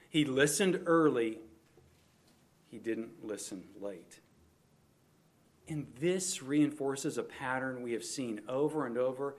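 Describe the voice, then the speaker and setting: A man preaching an expository sermon, explaining a Bible passage verse by verse and leaning hard on emphasis, at times speaking straight to the children listening. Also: medium pitch. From United States. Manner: expository, emphatic on scripture, addresses kids directly. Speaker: pastor.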